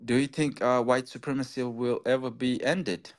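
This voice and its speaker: A man's voice: medium pitch, fairly even intonation, moderate pace. A man from Nepal calling in to a talk show, asking questions and defending himself insistently. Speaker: caller. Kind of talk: phone-in call.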